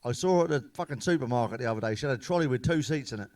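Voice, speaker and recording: A man telling crude stand-up jokes in a blunt, heavily sweary manner with deadpan punchlines. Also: mid-range voice, rapid-fire, no echo. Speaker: comedian.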